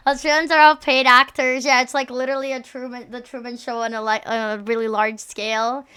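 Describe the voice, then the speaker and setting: A woman's voice: a little high, flat delivery, brisk, bright, forceful tone, clean tone. A young woman streamer chatting casually, rambling and joking with many fillers. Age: young adult.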